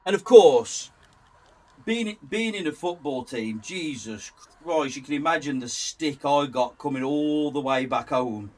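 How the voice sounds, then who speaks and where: A man's voice: mid-range voice, expressive, unhurried, far from the mic. A young man, a guest on a game stream, telling a story in casual chat, rambling with restarts and laughing often.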